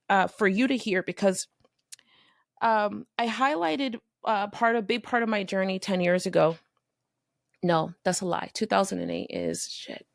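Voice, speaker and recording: A middle-aged woman from Miami giving a candid, animated motivational monologue as a podcast host, swearing casually. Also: medium pitch, vocal fry, no room sound, studio quality. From Miami, Florida.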